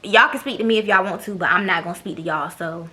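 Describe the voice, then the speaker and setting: A woman's voice: mid-range voice, quick pace, pushed and bright. Blunt, sassy young woman vlogger. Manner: blunt, profane, sassy, mimics others. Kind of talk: casual storytime monologue.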